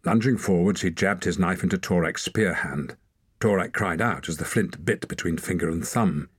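A man narrating an adventure story in a steady, measured audiobook reading. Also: deep voice, husky, no echo, studio quality.

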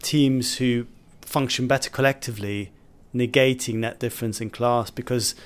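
A man's voice: mid-range voice, fairly even intonation, normal speed. A man talks through football tactics in a plain, mid-range voice. He sounds opinionated and analytical, keeping a casual chat going. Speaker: football pundit.

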